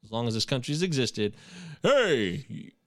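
A man hosting a casual podcast, chatting in an animated, profane way. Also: medium pitch, a little fast, no echo, studio quality. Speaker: podcast host. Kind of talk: casual chat.

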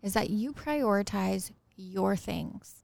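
A woman's voice: medium pitch, slow, gravelly, darkish tone, dry recording. A woman co-hosting a casual couple's podcast, insisting firmly on her point in a discussion with her partner. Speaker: podcast co-host.

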